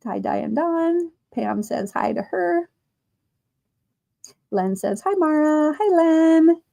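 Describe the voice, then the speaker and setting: A woman's voice: sits high, expressive, vocal fry, warm tone. A woman hosting a casual crochet livestream, reading out chat comments and laughing often while she crochets. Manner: slow, chatty, laughs often. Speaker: livestream host.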